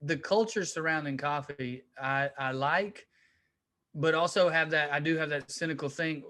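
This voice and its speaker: A man with a slightly high voice, trading casual podcast banter. His humor is dry and wry, and he makes cynical asides. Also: moderate pace, bright, forceful tone. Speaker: podcast co-host.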